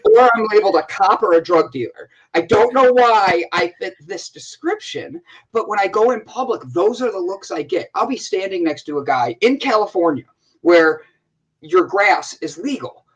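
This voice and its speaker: A man with an American accent co-hosting a casual chat, telling stories in an animated way with many restarts. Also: sits high, moderate pace, breathy edge, low-quality recording. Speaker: co-host.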